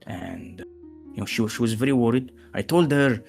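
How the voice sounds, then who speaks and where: Man, game master, gravelly, lowish voice, hesitant, faint music. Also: lively intonation, moderate pace, a little mellow. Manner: hesitant, many fillers. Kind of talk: narrating a tabletop game.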